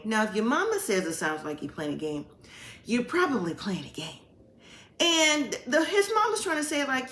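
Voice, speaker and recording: A woman's voice: fairly high pitch, sing-song, moderate pace, a bit bright, reverberant. A woman hosting a casual recap, retelling scenes in a chatty storytelling way and acting out the quotes. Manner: chatty storytelling, acts out quotes with "like" and "you know". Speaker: reality TV recap host.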